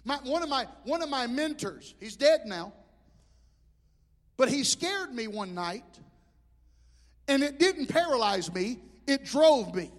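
A man preaching a sermon as pastor, telling animated stories. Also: very high-pitched, takes it slowly, pauses often. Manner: animated storytelling with shouted impressions. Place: church hall. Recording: hall reverb.

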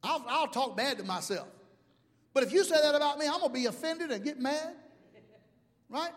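A man preaching an animated sermon to a congregation, building from conversational talk to loud, rising climaxes. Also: very high-pitched, moderate pace, long pauses. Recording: long hall reverb.

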